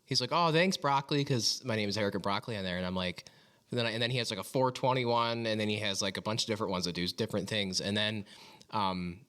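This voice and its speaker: A man's voice: on the low side, fairly even intonation, quick pace, pushed and bright, smooth. A man co-hosting a podcast, telling a rambling story in casual chat and wandering off on tangents. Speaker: podcast co-host.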